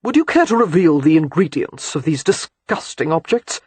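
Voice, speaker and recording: Narrator doing a sardonic aristocratic lord. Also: male voice, a little high, big pitch swings, normal speed, slightly rough, no room sound. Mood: exasperated. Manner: sardonic, exasperated. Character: sardonic aristocratic man, dry-witted lord.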